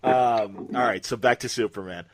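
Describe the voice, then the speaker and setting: A man's voice: mid-range voice, moderate pace, crowd noise. A man hosting a podcast in casual chat, laughing often and giving short agreeing replies. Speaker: podcast host. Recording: dry close sound.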